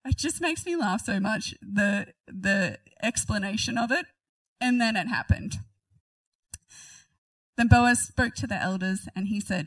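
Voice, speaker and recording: A woman's voice: mid-range voice, a little slow, dry recording, distant mic, rough recording. A woman reading a Bible passage aloud and commenting on it in a chatty, giggly way. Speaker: Bible teacher.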